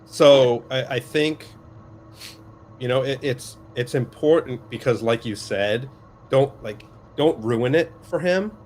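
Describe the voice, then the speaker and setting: A man's voice: medium pitch, slow pace, darkish tone, slight background noise. A man hosting a casual podcast, talking things over thoughtfully and thanking supporters. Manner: reflective, thanks viewers by name. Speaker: podcast host.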